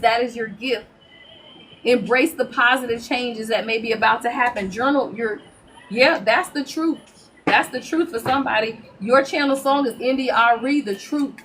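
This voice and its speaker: A high-voiced woman reads tarot for her live-stream viewers, preaching in an animated way and calling them "y'all" and "child". A faint hum sits under her voice, as from a home setup with a phone or webcam mic. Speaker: tarot reader. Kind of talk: live-stream spiritual reading.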